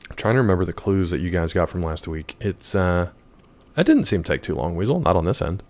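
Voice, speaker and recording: A hoarse man chatting casually and joking with viewers while he plays a video game. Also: sits low, animated, a little fast. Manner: joking, rambling, chats with viewers. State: hoarse from yelling. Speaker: gaming streamer. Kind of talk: casual gameplay commentary.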